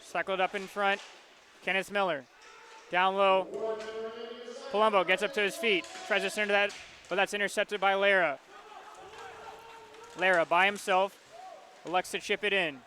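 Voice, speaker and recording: Play-by-play man, high bright voice, flat delivery, hockey call. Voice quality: quick, rhythmic calling of the action. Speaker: play-by-play announcer. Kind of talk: live hockey play-by-play commentary.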